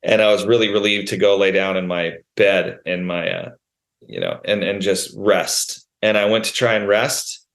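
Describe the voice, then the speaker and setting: A man's voice: low voice, normal speed, vocal fry. A man, a guest on a podcast, telling a personal story in a candid, rambling way, with frequent restarts and swearing. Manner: rambling with frequent restarts and swearing, animated when quoting himself. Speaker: podcast guest, band musician. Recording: roomy echo.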